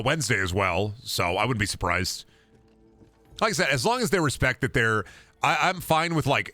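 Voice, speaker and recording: A man streaming a video game, chatting casually and profanely with his viewers in an animated way. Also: fairly low pitch, no room sound. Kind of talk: casual gaming stream commentary.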